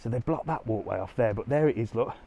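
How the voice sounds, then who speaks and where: A man's voice: medium pitch, expressive, fast talker, gravelly, dark tone. A man chatting casually to viewers as he walks a resort strip on a live stream, a little out of breath. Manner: chatty, casual, talks to viewers while walking. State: slightly out of breath from walking. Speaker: travel vlogger. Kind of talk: live walking tour commentary. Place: outdoors on a busy resort street.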